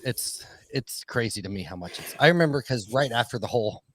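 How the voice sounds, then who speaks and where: Laid-back joking podcast host. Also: male voice, mid-range voice, animated, a little fast, fairly bright tone, no room sound. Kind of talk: casual podcast chat.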